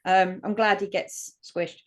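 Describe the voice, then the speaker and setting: A woman's voice: medium pitch, steady tone, measured pace. A woman co-hosting a podcast, chatty and easygoing in casual conversation. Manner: chatty, easygoing, full of fillers. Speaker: podcast co-host. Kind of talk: casual chat.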